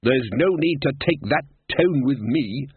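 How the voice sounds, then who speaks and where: A man's voice: medium pitch, animated, a little slow, husky. A man voicing a blustering, bellowing old male head wizard in a storybook reading. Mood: scornful. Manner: bellowing, indignant. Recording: tinny phone-like sound.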